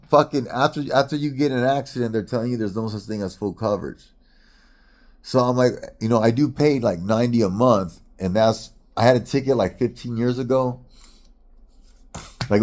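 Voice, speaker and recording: A mid-range, darkish male voice belongs to a middle-aged vlogger from the United States. He rants casually through a long and aggravated story, cursing and restarting again and again.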